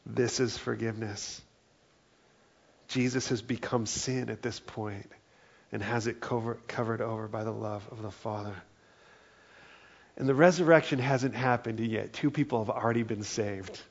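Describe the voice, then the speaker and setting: A man's voice: fairly low pitch, moderate pace, gravelly, breathy edge, lo-fi sound. A man preaching a sermon, earnest and conversational, often dropping in "like" and "right?" as he talks. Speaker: pastor.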